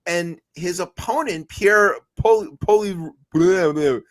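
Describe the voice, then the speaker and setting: A man's voice: high-pitched, slow pace. A man co-hosting a comedic news podcast, rambling and joking with lots of restarts and mock quotes. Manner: rambling, jokey, many restarts and put-on quotes. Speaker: podcast co-host.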